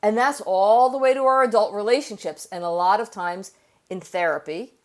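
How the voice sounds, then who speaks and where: In an interview, a woman who works as an author and therapist explains her ideas at a normal pace in a mid-range voice. She tells stories from her practice, often stopping and restarting as she goes.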